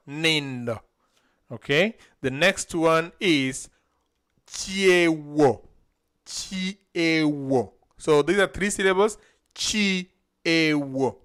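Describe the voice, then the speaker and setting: His voice is a little high, a bit bright, and clean. Streaming live, this male language teacher works through vocabulary one syllable at a time and has a learner repeat each word.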